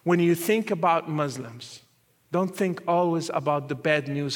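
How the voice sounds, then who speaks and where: High-voiced, slow, earnest man preaching. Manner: earnest, with repeated phrases, growing soft and quiet near the end. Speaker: guest speaker. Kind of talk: testimony sermon.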